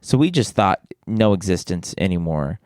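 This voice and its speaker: A man's voice: low voice, very animated, normal speed, darkish tone, smooth, no echo, clean studio sound. A man co-hosting a podcast, telling a rambling story in casual chat with lots of restarts and fillers. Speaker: podcast co-host.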